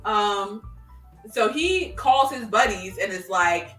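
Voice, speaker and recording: A young adult woman in casual chat, retelling a show's plot in an animated way and acting out characters' lines in quick voices. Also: medium pitch, soft background music. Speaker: podcast co-host.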